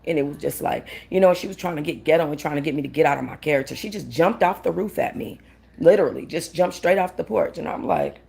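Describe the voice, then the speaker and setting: A woman with a low, gravelly voice tells a story in a casual, animated rant. She acts out what each person said and swears freely. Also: fast talker. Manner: animated, swearing, quotes people. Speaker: vlogger.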